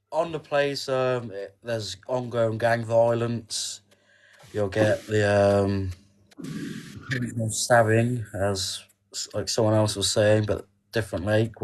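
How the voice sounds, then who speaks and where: A man's voice: fairly low pitch, steady tone, slow. Hesitant man reading a list aloud. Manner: hesitant, filler-heavy, reads stiffly. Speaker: podcast guest, angler. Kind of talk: casual podcast chat and reading aloud.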